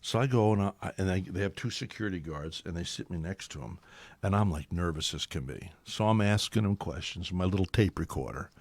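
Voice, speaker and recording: This man's low voice comes across brisk on a dry recording. As host of a local talk radio program, he spins a meandering, animated anecdote in casual talk, slipping into other people's voices along the way.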